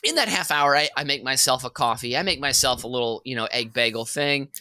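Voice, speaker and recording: A man co-hosting a comedy podcast, telling a long workplace story in an animated, rambling way and laughing as he goes. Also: medium pitch, brisk, no room sound. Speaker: podcast co-host.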